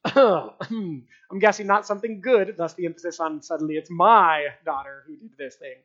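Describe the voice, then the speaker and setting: A man preaching a sermon to a live congregation, conversational, often asking "right?" and dropping to a hushed voice for emphasis. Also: high-pitched, unhurried. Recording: dull lo-fi sound.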